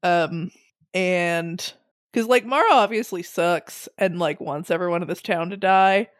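A woman's voice: fairly low pitch, measured pace, dry recording. A woman chatting casually about a book on a podcast, laughing often and acting out the characters' lines. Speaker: podcast co-host. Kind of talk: casual book discussion chat.

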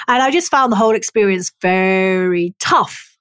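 A middle-aged Englishwoman talks about her own life as a therapist would, frank and expressive, swearing without a second thought. Her voice sits at an ordinary pitch for a woman. The recording is close and dry, with no room sound. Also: moderate pace, smooth, dry recording. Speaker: talk therapist and body worker. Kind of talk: personal storytelling.

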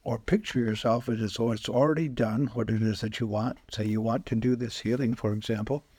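A man, a spiritual healer, speaking as a podcast guest and telling lively anecdotes, acting out the quoted voices. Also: mid-range voice, brisk, slightly rough, dry recording. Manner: animated anecdotes, acts out quoted voices, chuckles often. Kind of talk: casual storytelling interview.

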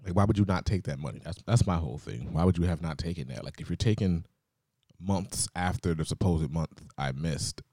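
A man's voice: deep voice, brisk, dark tone, dry recording, clean studio sound. A young man co-hosting a podcast, venting in a laid-back, casual way, swearing freely and laughing. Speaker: podcast co-host. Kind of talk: casual chat.

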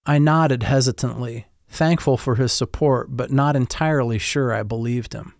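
A man's voice: medium pitch, normal speed, creaky, dry recording, clean studio sound. Man narrating a story in first person. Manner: reflective, wry, descriptive.

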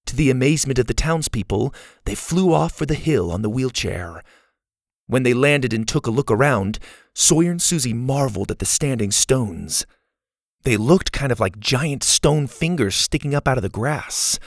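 A man's voice: medium pitch, lively intonation, normal speed, no echo, studio quality. A man narrating a children's storybook aloud, expressively.

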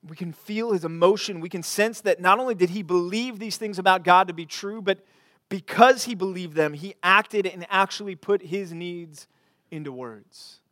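A man preaching a sermon as pastor, earnest, repeating phrases and swinging from quiet to emphatic. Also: high-pitched, normal speed, no echo, studio quality.

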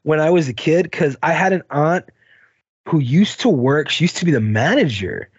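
A man's voice: fairly high pitch, animated, moderate pace, husky, no room sound, lo-fi sound. A man co-hosting a podcast, casually telling a long story, rambling, swearing and laughing along. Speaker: podcast co-host.

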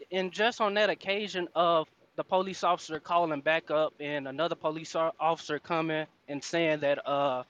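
A man telling his own experience in a live audio chat room, earnest and halting, with many fillers. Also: fairly high pitch, fairly bright tone, lo-fi sound. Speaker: room speaker.

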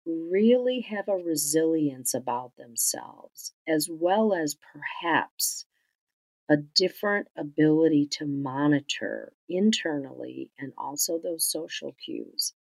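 A low-pitched middle-aged woman talks through her clinical work for an instructional podcast. Her delivery is gentle and reflective, and she often lets her voice fall soft. She comes across as an experienced speech-language pathologist. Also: lively intonation, takes it slowly, creaky, poor audio.

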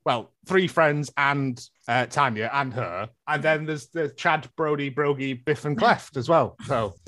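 A man's voice: medium pitch, a little slow, fairly bright tone, no room sound, clean studio sound. A man recapping a film in casual chat, sarcastic and joking, trailing off into mumbles.

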